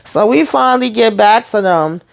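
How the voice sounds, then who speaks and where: A young adult woman hosting a casual TV episode recap, telling the story in a sassy, animated way with plenty of asides. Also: fairly high pitch, moderate pace, gravelly.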